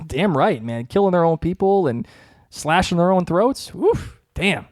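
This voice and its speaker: Excitable Massachusetts man. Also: sits high, unhurried, no room sound, clean studio sound. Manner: excitable, laughs often. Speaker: podcast co-host. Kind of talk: casual chat.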